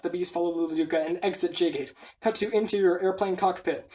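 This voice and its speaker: A woman reading a film script aloud, stage directions included, in a brisk, matter-of-fact way. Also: fairly low pitch, steady tone, mellow.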